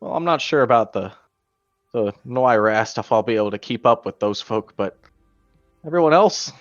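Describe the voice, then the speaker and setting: Lively-voiced man playing a fantasy character. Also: medium pitch, moderate pace, dry recording, lo-fi sound, soft background music. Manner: eager, stumbling. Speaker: player. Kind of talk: in-character tabletop play.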